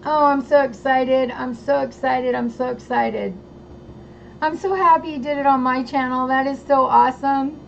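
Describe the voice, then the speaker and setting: A woman's voice: high-pitched, fairly even intonation, moderate pace, vocal fry. A woman hosting a casual livestream, bubbly and gushing as she greets chatters by name. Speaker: livestream host. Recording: dull lo-fi sound with faint noise.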